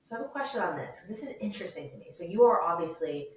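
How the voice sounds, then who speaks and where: A woman's voice: fairly low pitch, lively intonation, rapid-fire, far from the mic, a little hiss or hum. A woman in her thirties hosting a casual podcast conversation, enthusiastic and full of "like", laughing often. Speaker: podcast host. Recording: echoey room, voice off the mic.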